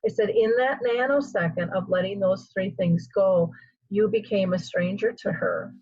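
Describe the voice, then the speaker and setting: A middle-aged woman hosting an interview, telling a personal story with lots of animated acted-out quotes. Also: medium pitch, normal speed, slightly rough, no room sound. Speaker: host. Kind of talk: casual interview chat. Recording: dull lo-fi sound.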